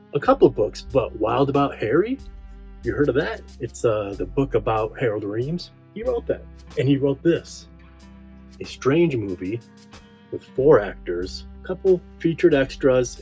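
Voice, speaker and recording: Man, film show host, casual rambling talk, soft guitar music behind. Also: mid-range voice. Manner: chatty, rambling, animated.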